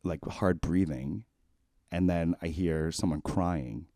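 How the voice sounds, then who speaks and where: A man's voice: deep voice, takes it slowly, no echo, studio quality. A man around forty co-hosting a podcast, telling a personal story in a rambling, casual way full of "like". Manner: rambling, heavy use of "like", animated, then quiet and shaken. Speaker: podcast co-host.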